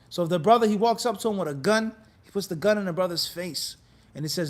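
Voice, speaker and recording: High-voiced man teaching a lively class. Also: fast talker. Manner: animated, quizzes class with repeated "what?" prompts; acts out quoted people in lively bits. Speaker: Islamic law teacher. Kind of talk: classroom lecture.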